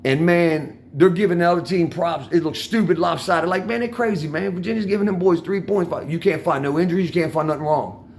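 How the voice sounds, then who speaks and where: A man's voice: on the high side, brisk, darkish tone, slight background noise. An older man with a Washington DC accent, rambling casually to viewers about betting, swearing freely and dropping "man" and "y'all" into nearly every line. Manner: rambling, profane street talk with constant "man" and "y'all". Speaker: vlogger talking to viewers. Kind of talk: casual storytelling monologue. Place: outdoors on a street corner.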